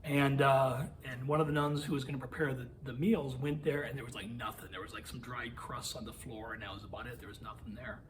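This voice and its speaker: Man, youth minister, casual storytelling, chatty with lots of "like", medium pitch, faint hiss behind. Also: fairly even intonation, brisk, hardly any pauses, low-quality recording. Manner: chatty, lots of "like" and quoted asides. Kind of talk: casual storytelling talk to teens. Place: parish meeting room.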